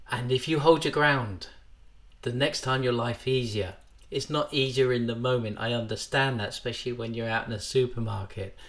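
A man hosting a podcast, calmly explaining parenting techniques in an instructional way and sometimes acting out what parents say. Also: mid-range voice. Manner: calm, explanatory, acts out parents' voices. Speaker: podcast host, NLP trainer.

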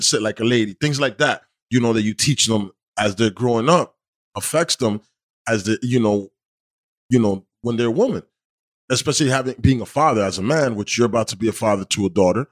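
A man's voice: medium pitch, a little fast. A man hosting a podcast in casual chat, talking frankly and profanely and often asking "you know what I'm saying". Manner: frank, preachy when giving advice. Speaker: podcast host.

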